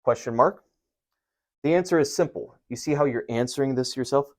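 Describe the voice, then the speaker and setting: A man's voice: mid-range voice, brisk. Brash, rambling man teaching writing. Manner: energetic, profane, rambling asides. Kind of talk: casual spoken lesson. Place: home room writing on a board.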